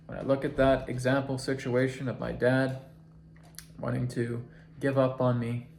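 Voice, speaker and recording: A man teaching a self-help process, talking slowly and deliberately and counting breaths aloud. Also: medium pitch, darkish tone. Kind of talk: guided instructional talk. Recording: echoey room with faint noise.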